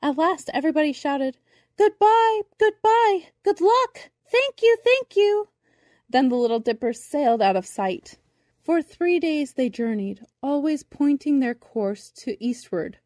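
A woman reading a children's storybook aloud in a gentle, measured narration. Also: on the high side, dry recording, studio quality.

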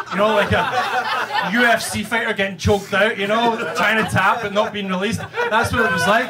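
A Scottish man doing a stand-up comedy set, telling a profane story full of "right?" tags and acted-out quotes. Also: high voice. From Scotland. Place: comedy club stage. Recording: live club set, loud audience laughter.

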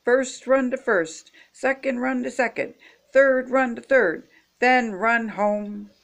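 A woman voicing an excitable young boy frog in a storybook, shouting his lines in a high, eager, sing-song way. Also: extremely slow, gravelly, exaggerated voice.

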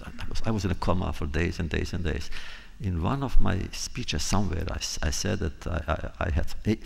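A man giving a public talk, unhurried, telling a true story and acting out quoted dialogue, often repeating phrases for emphasis. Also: deep voice, gravelly. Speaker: guest speaker.

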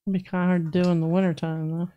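A woman's voice: fairly low pitch, level tone, rapid-fire, highs cut off. A woman hosting a live craft stream, chatting playfully and laughing often. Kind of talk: casual chat.

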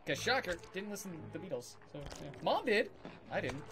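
A man's voice: high voice, very animated, fairly quick, background noise. A man casually commentating as he plays a video game, rambling and chuckling and talking back to the characters. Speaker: streamer playing a video game. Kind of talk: casual let's-play commentary. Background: game music.

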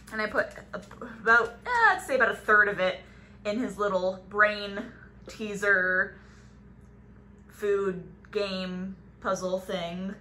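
A young woman chatting to her camera in a casual home vlog. Her voice sits at an ordinary middle pitch and she rambles along with plenty of fillers. A faint hum of home noise stays underneath. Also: flat delivery, slow, sharp tone. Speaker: vlogger. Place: home, on the stairs.

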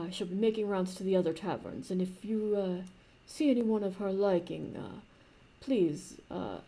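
A woman's voice: medium pitch, warm tone. A woman voicing a dishevelled male palace guard who speaks stiffly and formally, with hesitant fillers.

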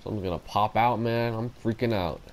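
A man's voice: fairly low pitch, a little fast. Jumpy young man with a twang. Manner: excitable, talks to himself, jumpy and joking. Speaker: let's play gamer. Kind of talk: casual gameplay commentary.

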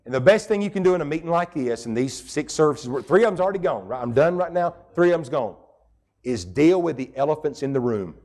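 A man's voice: on the high side, expressive, a little fast, a little mellow. Middle-aged male pastor, folksy, emphatic sermon delivery. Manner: folksy, emphatic preaching with rural idioms.

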